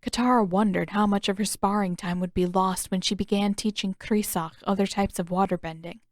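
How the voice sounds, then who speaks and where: A woman reads her own fanfiction aloud in steady, even storybook narration. Her voice sits at a middle pitch. The recording is dry and close, with no room sound. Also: fairly quick, no echo. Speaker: fanfiction author and podfic reader.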